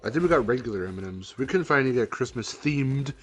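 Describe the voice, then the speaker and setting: A man's voice: medium pitch, animated, quick pace. A young man hosting a casual gaming stream, joking, rambling and laughing often as he chats. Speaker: streamer and host.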